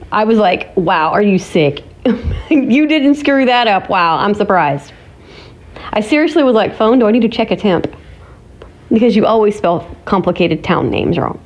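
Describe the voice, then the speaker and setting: A woman from Ohio chatting casually to her viewers, giggly and teasing as she talks. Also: medium pitch. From Ohio, USA. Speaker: vlogger. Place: home.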